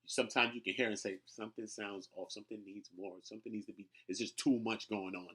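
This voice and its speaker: A man's voice: lowish voice, steady tone, fast talker, a bit bright, husky. A man casually teaching how to build a rap hook, talking loosely and often checking in with "right?" and "you know what I'm saying.". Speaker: rap tutorial host. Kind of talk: casual instructional talk.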